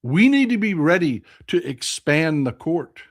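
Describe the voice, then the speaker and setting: This Texan political vlogger has a slightly high, sing-song voice and speaks a little slowly. His commentary is heated, blunt and laced with profanity, with phrases repeated to drive points home.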